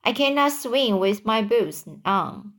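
A brash, loud-mouthed storybook centipede who shouts his opinions, voiced by a woman. The delivery stays slow and deliberate. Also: a little high, lively intonation. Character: loud bossy male centipede.

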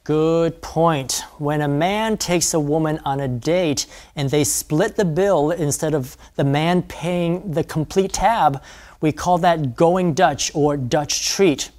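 A man co-hosting a scripted English lesson, explaining a phrase in a slow, careful way. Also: on the high side, a little mellow. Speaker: English teacher. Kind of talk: scripted language lesson dialogue.

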